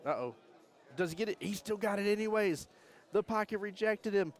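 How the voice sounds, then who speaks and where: A man giving jokey, animated live commentary on a pool tournament and reading chat comments aloud. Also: high voice, fairly quick. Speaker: pool match commentator and streamer. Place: pool hall during a tournament.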